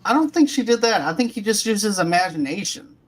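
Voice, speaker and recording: A man's voice: high voice, lively intonation, fast. A man co-hosting a casual review chat. He argues his view earnestly and with emphasis. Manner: earnest, emphatic, makes his point firmly. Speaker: podcast co-host.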